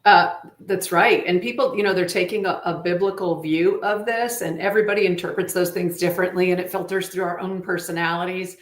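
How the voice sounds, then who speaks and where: A woman's voice: lowish voice, steady tone, fairly quick, few pauses, echoey room. A woman chatting on a talk show in an earnest, preachy way, quoting scripture. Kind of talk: casual talk-show chat.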